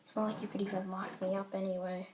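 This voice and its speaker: A smug, arrogant teenage boy who believes he is a god, as a woman reads him out. He talks low and quiet, cold and condescending, in a casual fan retelling. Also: level tone, fast, a little hiss or hum, close to an everyday voice.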